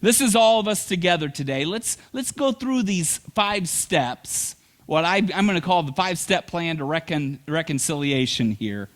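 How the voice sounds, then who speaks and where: A middle-aged man preaching from the pulpit in a notably high voice that leaps wildly up and down. He tells humorous stories and delivers them with animated energy. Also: moderate pace. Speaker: pastor. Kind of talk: sermon.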